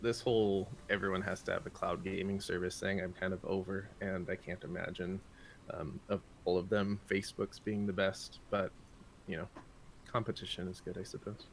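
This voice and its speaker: Male co-host, gravelly low voice, brisk news read-out with joking asides. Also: little pitch movement, a little hiss or hum. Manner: brisk list-reading with playful asides. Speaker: morning show co-host reading game news. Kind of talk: casual morning show banter.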